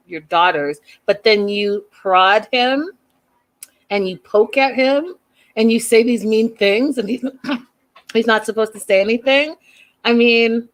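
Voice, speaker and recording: Chatty opinionated woman recapping TV. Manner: chatty, opinionated, acts out quotes in a high voice. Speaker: host recapping a reality show. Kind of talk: casual recap chat.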